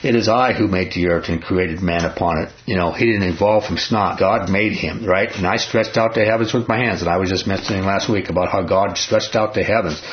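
A low-voiced man leads a Bible study in a folksy, emphatic way, throwing questions out to his group. The recording is muffled and lo-fi. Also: brisk, hardly any pauses, a little hiss or hum. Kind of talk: conversational Bible study teaching.

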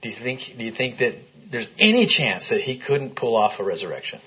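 A man with a slightly husky voice teaches scripture to a small group in a room. He reads passages aloud and keeps stopping to put questions to his listeners. The recording sounds muffled and lo-fi. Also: mid-range voice, expressive, brisk. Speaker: Bible study teacher. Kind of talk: interactive Bible teaching. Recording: dull lo-fi recording.

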